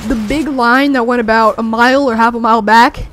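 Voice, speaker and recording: A young teenager rambling excitedly through a story with many fillers, talking over gameplay. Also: mid-range voice, a little fast, a little hiss or hum. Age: young teen. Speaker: gameplay commentator.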